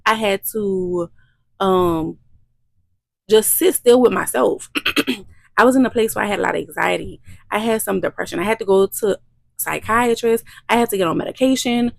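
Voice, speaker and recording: A woman shares a heartfelt vlog testimony. Her voice has a gravelly edge and sits at an ordinary pitch. The sound is dry and close, with no room echo. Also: moderate pace. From Louisiana. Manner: emotional, repetitive, faith-filled. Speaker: midwife and channel host.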